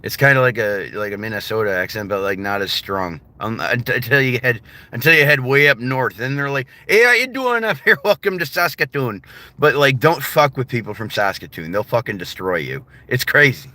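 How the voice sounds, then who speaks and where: Male streamer, loose and profane, bright and punchy delivery, casual chat with viewers. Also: lowish voice, brisk, hardly any pauses, no echo. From United States. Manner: rambling, profane and laughing often. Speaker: livestreamer.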